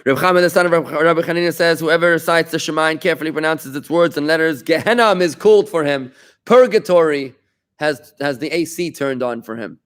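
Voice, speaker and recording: A middle-aged man leads a Talmud class as a rabbi, his voice pitched a little high for a man. He explains patiently, repeats key phrases and breaks off for friendly asides to his students. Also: fairly quick, a bit bright, clear, resonant tone. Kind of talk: informal Talmud lesson.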